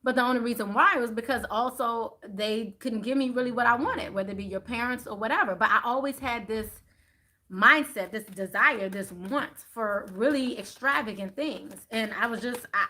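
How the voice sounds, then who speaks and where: A woman hosting a spiritual card-reading live stream. She chats casually with her viewers, calls them y'all, and gets animated and louder on the points she stresses. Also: a little high, moderate pace. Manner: chatty and animated, rising louder on emphasis.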